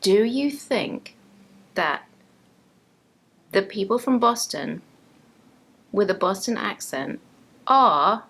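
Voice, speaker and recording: A woman's voice: medium pitch, animated, slow, pauses often, fairly bright tone, breathy edge. A woman co-hosting a tipsy casual chat, dry and teasing in her replies. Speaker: co-host.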